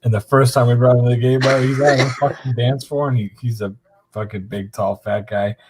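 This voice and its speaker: A man's voice: medium pitch, fairly even intonation, brisk, noisy background. A middle-aged man telling a long, profane anecdote in casual chat on a live stream. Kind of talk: casual storytelling.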